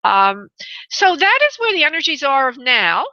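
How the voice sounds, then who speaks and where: New york lady doing psychic readings on call-in radio, chatty, stops to check with spirit, kinda high bright voice. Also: very animated, no echo, highs cut off. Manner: chatty, pauses to consult spirit, laughs easily. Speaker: radio show psychic medium host.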